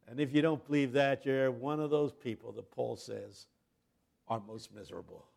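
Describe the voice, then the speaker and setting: Gravelly older preacher, storytelling. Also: male voice, mid-range voice, normal speed, a faint crowd. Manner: storytelling preacher who builds to loud impassioned crescendos. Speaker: guest preacher. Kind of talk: sermon.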